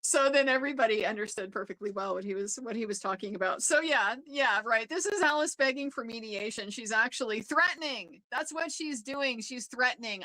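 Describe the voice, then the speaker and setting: A chatty American woman talks through a day in court in a loose, casual recap full of ums and quick laughs. Her voice sits a touch high and rings bright and forceful. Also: poor audio. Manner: chatty, laughs often, many fillers. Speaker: legal commentator. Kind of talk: casual trial recap commentary.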